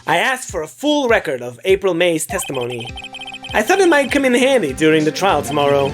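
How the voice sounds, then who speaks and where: A woman reading an earnest young male defense attorney in a video game, lowering her voice. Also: sing-song, fairly quick. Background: game music.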